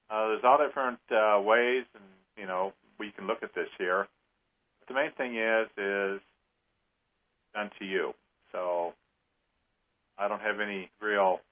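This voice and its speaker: A man co-hosting a talk show, speaking in a rambling, halting way. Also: fairly low pitch. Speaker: co-host. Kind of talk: casual radio talk. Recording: tinny phone-line sound.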